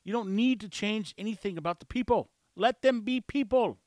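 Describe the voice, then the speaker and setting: A man's voice: high voice, moderate pace, darkish tone, no room sound, studio quality. A man hosting a podcast, giving blunt, sarcastic casual commentary on a clip he plays. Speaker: podcast host.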